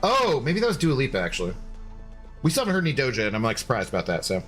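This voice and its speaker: A man's voice: medium pitch, huge pitch swings, racing, fairly bright tone, faint music behind. A man streaming a game and chatting loosely with viewers, laughing often and swearing casually.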